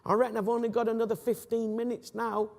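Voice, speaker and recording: A man's voice: very high voice, level tone, fast talker, vocal fry. A man voicing a desperate injured man stuck in a sinkhole, pleading for help. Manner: shouting up, pleading. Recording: long reverb of a hall.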